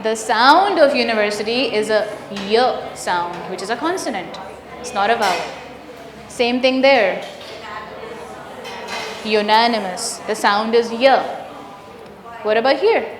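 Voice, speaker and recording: A woman runs a teacher workshop, putting questions to the room and confirming the answers. She speaks slowly in a fairly high voice. The sound is roomy, with a long echo from the training hall. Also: expressive, a crowd in the background. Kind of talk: interactive teacher training lesson. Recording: echoey room with long reverb.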